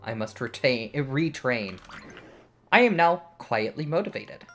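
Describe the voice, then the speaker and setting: A woman's voice: very deep voice, sing-song, measured pace, faint music behind, full character voice. A woman voicing an earnest male steel psychic creature who talks in a stiff, formal way, reading video game dialogue aloud.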